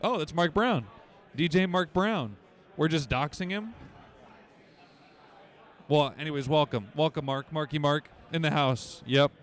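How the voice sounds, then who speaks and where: A man's voice: on the high side, unhurried, long pauses. A man co-hosting a live stream, bantering playfully with the others and welcoming chat viewers. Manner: playful, enthusiastic, jokey. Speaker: stream co-host and commentator.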